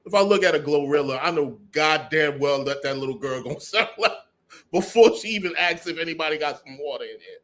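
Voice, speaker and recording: A man's voice: fairly high pitch, lively intonation, brisk, a bit bright. A man in a casual podcast chat, talking emphatically with lots of swearing and "you know what I mean.".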